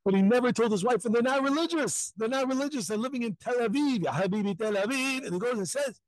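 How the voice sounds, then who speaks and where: A man's voice: very high voice, fast talker, few pauses, no room sound, low-quality recording. A man, a rabbi, telling a story live at a crowded outdoor pilgrimage site, emphatic and repetitive, acting out the quotes.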